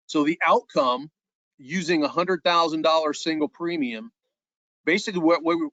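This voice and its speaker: A man's voice: a little high, fairly bright tone, dry recording, muffled recording. A man giving an insurance sales presentation in a webinar, earnest and repeating words as he restarts his phrases.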